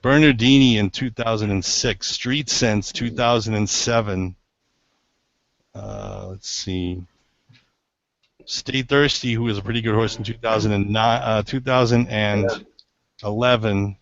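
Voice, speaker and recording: A man chatting casually as a horse racing handicapper, quick to list past winners. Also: on the low side, vocal fry, no echo. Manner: lively, rattles off lists of names. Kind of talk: casual roundtable chat. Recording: dull lo-fi recording.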